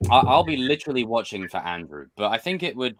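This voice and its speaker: A man hosting a casual podcast chat, excited and quick to call people bro and dude. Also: mid-range voice. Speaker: podcast host.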